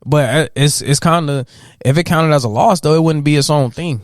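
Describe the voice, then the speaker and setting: A man's voice: a little high, fairly quick, no room sound, studio quality. A man co-hosting a podcast, talking in an easygoing, agreeable way full of slang. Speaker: podcast co-host. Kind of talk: casual chat.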